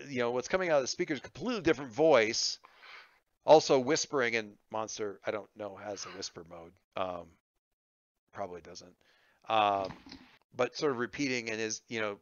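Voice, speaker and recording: A man's voice: medium pitch, fairly bright tone, clear, resonant tone, dry recording. A man narrating as game master, rambling and hesitant, full of fillers. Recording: muffled dry lo-fi recording.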